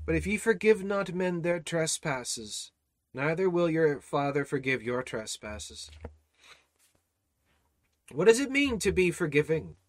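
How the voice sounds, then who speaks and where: A man leads an informal Bible study in a voice pitched a little high for a man. He presses his point with rhetorical questions and repeated phrases, often restarting his sentences. The recording is dry and close, with no room sound. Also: unhurried, long pauses, no echo. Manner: animated and exhorting, with rhetorical questions and repetition; many restarts and repeated words.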